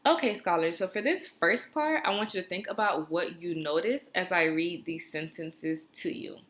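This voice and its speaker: Bright-voiced woman teaching young children. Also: lowish voice. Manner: slow, clear, encouraging teacher talk with drawn-out repeat-after-me phrases. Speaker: first grade teacher. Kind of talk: recorded video lesson for young children.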